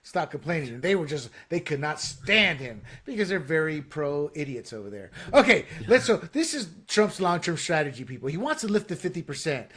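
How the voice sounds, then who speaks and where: A man co-hosting a casual political talk show, excitable and stumbling over fillers and restarts as he argues his points. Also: a little high, moderate pace, hardly any pauses, breathy edge. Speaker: podcast co-host.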